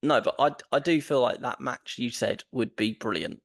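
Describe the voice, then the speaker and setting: A man's voice: mid-range voice, moderate pace, dry recording, clean studio sound. A man co-hosting a casual podcast chat, enthusiastic and rambling, often repeating himself. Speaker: podcast co-host.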